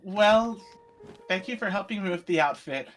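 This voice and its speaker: A man's voice: high voice, lively intonation, normal speed, fairly bright tone. A man reading the part of a nervous woman maid who tries to sound composed. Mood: polite. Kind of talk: casual fan story reading.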